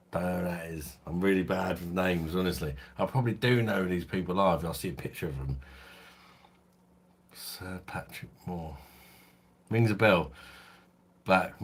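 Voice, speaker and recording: Deep husky man, sweary chat. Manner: loose, sweary, laughs often. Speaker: beer channel host. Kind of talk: casual live-stream chat. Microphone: phone.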